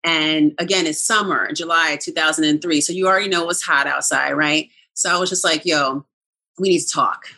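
A middle-aged woman telling a personal story in casual conversation, animated and acting out quoted lines, with frequent laughs. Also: low voice, fairly quick, vocal fry, few pauses.

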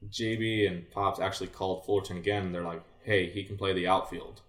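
A young former baseball player, here as a guest, tells a long meandering story a little fast, his very low voice echoing in the room. He slips into quoted dialogue along the way, and the exchange sounds relaxed and casual.

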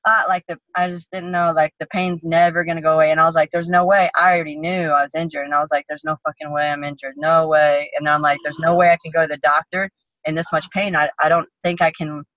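A woman guest in an interview, telling a story casually in a blunt, profane, animated way. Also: low-pitched, fast, dry recording, lo-fi sound. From United States. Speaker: interview guest, MMA fighter.

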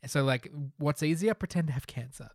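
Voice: medium pitch, fairly quick, dry recording. Rambling podcast co-host, dry close sound. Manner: rambling, restarts and self-corrections. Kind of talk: casual chat.

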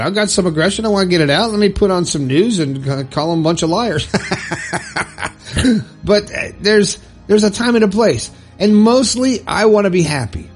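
An earnest man delivers a motivational monologue with a lively, swinging delivery. His voice sits a touch high and sounds husky. He repeats his points bluntly, swearing mildly, over faint music.

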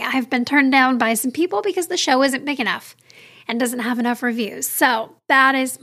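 A woman in her thirties hosting a solo podcast, talking to listeners in a candid, chatty, personal way. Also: high-pitched. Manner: warm, candid and chatty, talks straight to listeners. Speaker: podcast host.

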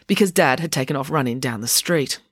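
A lively host reads a children's book aloud at a brisk pace, savoring the narration before chatting directly to young listeners. Her voice sits at a middle pitch, and the recording is close and dry, with no echo or room sound.

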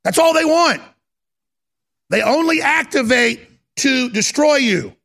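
A man hosting a talk show, delivering a fervent, preacher-like monologue that bursts into shouting. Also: very high-pitched, expressive, slow.

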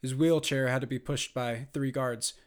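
Man with grave, measured narration. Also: medium pitch, fairly even intonation. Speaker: audiobook narrator. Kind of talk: scripted narration.

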